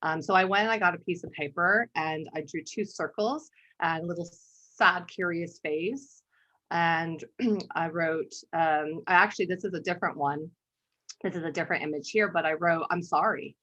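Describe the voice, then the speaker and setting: A woman art therapist presents a workshop over a video call, shifting easily between teaching and telling a personal story. Her voice sits a little low, and she often clears her throat between phrases. The audio is dull and lo-fi, like a live-streamed webinar. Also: moderate pace, fairly bright tone. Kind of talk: conversational webinar talk with storytelling.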